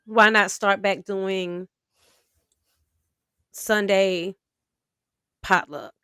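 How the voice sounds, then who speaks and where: A woman co-hosting a podcast in casual chat, talking in a relaxed, slangy way with lots of fillers and restarts, and sometimes reading an article aloud. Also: medium pitch, very slow, clear, resonant tone, no room sound, studio quality. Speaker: podcast co-host.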